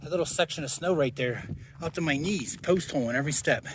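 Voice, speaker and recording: A man's voice: on the high side, quick pace, background noise. A man on a hiking vlog, talking to the camera while he walks a snowy mountain trail, out of breath and tired from the altitude. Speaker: thru-hiker vlogger.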